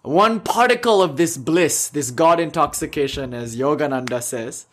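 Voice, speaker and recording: A young man talks to his yoga class in a loose, joking way, full of ums and easy laughter. His voice sits a little high for a man. He drifts from one point to the next like a casual teacher speaking off the cuff. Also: expressive, normal speed, fairly bright tone. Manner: laughs often, jokey, rambling with fillers. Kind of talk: casual spiritual talk to a class.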